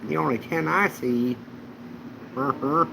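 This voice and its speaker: A man's voice: mid-range voice, slow, vocal fry, background noise. A man hosting a casual livestream chat, telling rambling anecdotes. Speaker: channel host.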